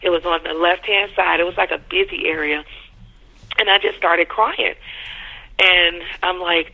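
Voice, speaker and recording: A caller calmly retelling a dream in casual speech, often pausing with fillers and restarting sentences. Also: medium pitch, creaky. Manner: hesitant, with frequent fillers and restarts. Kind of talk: casual spoken storytelling. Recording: narrow telephone line.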